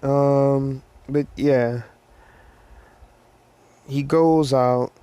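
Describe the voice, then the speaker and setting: A man's voice: mid-range voice, fairly even intonation, drawn-out words, warm tone, smooth, dry recording. A man casually retelling a fan story, rambling with slang and lots of fillers.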